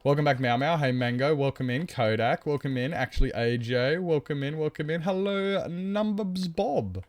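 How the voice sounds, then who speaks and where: A man's voice: a little high, normal speed. A man chatting on a live game stream, rambling, greeting viewers and joking about himself.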